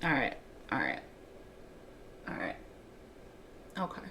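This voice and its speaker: A woman's voice: fairly low pitch, slow pace, pauses often, a little hiss or hum. A woman day trader giving live commentary on her trades, swearing freely and muttering at the chart.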